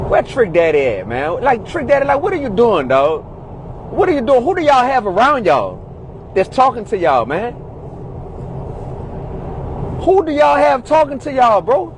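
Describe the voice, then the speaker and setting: A fed-up man rants in a high voice that leaps up and down, preaching and repeating himself. Faint noise sits behind him, and his delivery swings between loud outbursts and muttering. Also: big pitch swings, normal speed. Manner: exasperated, preachy, repetitive. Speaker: commentator in a played clip. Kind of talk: ranting monologue.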